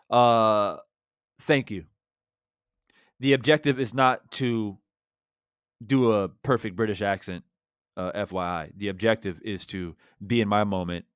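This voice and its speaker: His voice is lowish and smooth, captured with clean studio sound and no room tone. He hosts a boxing live-stream as a YouTuber, reading viewer super chats while addressing the audience in a brash, confident way.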